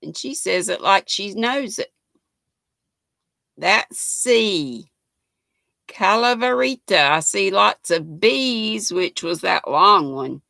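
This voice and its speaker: An older Southern woman drawls slowly through a chatty live stream, her voice bright and edged with gravelly fry. She greets viewers by name in a homey, folksy way, recorded close and dry. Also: medium pitch, lively intonation, dry recording. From North Carolina. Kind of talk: casual live-stream chat reading viewer comments.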